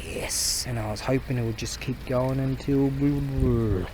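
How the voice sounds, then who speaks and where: Male vlogger, casual and profane, meandering storyteller, mid-pitched voice, light background noise. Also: fairly even intonation, a little slow. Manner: profane, rambling, full of slang and fillers.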